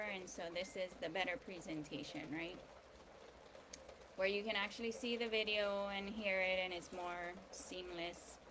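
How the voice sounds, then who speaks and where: A woman hosting a daily video series, talking casually and hesitantly about law and spirituality, with many pauses and ums. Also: medium pitch. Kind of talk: casual spiritual and legal talk. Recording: outdoor ambience with rain noise. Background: rain, birds.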